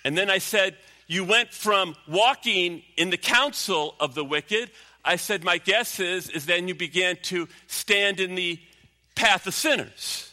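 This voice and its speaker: A man preaches with an emphatic, searching delivery, and his pitch sits a touch high. His tone is very bright and cutting. A long reverb trails behind him, as in a large hall. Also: a little slow. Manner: emphatic preaching, drops low and quiet when telling a story. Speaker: pastor. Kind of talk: sermon.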